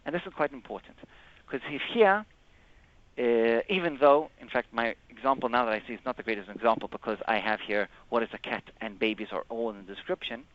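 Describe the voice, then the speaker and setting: A man presenting a live software demo in a webinar, explaining step by step and often correcting himself. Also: mid-range voice. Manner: halting, explains step by step with frequent self-corrections. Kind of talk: live screen-share product demo. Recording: dull lo-fi webinar audio.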